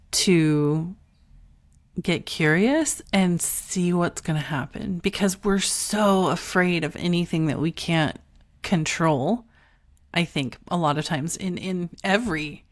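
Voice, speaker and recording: A woman hosting a podcast interview, slow and searching as she phrases her questions. Her voice sits on the low side. The recording is dry and close, with no room sound. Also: no echo. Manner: thoughtful, searching, hesitant restarts when asking. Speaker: podcast host.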